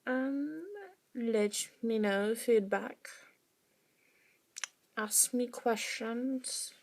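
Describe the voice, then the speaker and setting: A woman's voice: fairly high pitch, extremely slow, long pauses, a little mellow. A woman vlogger talking casually to her viewers, rambling with wry asides. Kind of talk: casual monologue to camera.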